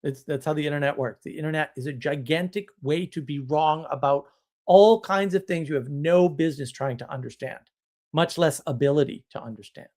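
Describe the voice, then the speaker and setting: A man's voice: on the high side, fairly quick, a little mellow. A man hosting a live stream, talking bluntly and emphatically, now and then mimicking other people as he tells stories. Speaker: host.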